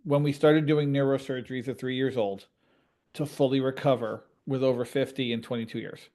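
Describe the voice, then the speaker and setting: A man, a parent, telling stories with lively energy in a conversation over a video call. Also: medium pitch. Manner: animated storyteller, quick and lively. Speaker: parent and guest.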